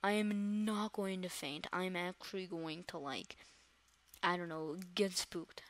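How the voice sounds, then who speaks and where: A woman giving let's-play commentary to her viewers, excitable and dramatic, often repeating words in quick bursts. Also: fairly low pitch. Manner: dramatic, talks straight to viewers. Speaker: gamer host.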